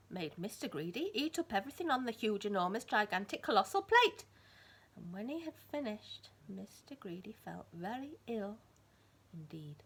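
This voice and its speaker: A woman teacher reading a storybook aloud to children, swinging between hushed whispers and loud emphasis. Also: mid-range voice, breathy edge.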